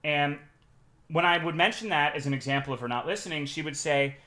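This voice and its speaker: A man streaming live, telling a work story in a profane, animated and sarcastic way. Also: on the high side, brisk, echoey room. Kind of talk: casual livestream storytelling.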